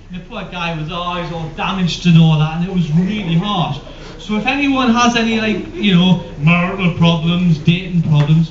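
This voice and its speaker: A man's voice: sits high, fairly quick. A man performing live stand-up comedy, rambling and hesitant with many ums. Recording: echoey room, distant mic, dull lo-fi.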